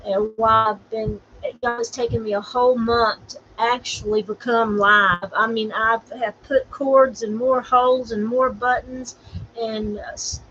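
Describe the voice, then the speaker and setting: Speaking unhurriedly in a steady, slightly high and somewhat bright voice, a middle-aged woman from Florida shares her grief on a casual livestream. Her vlog is earnest and meandering, full of preachy encouragement for her viewers. Recorded on a borrowed camera, the stream audio is a bit dull with a faint hiss.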